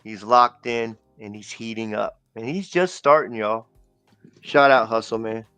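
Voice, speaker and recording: A man's voice: on the low side, measured pace, bright, forceful tone, clear, resonant tone, no echo, soft background music. A man co-hosting a casual livestream, talking loosely and rambling with slang and fillers.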